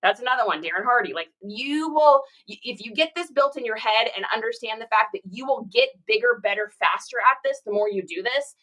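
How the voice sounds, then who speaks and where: A woman's voice: fairly high pitch, lively intonation, a little fast, hardly any pauses, bright, forceful tone, poor audio. A woman reseller chatting casually with livestream viewers while packing orders, upbeat and greeting people by name. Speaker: reseller livestreaming her shipping.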